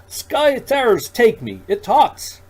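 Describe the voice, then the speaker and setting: A man's voice: medium pitch, moderate pace, husky. A man voicing an eccentric old male alien shopkeeper who mutters to himself and rambles. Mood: startled. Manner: dithering, excitable, childlike. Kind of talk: audiobook character voice.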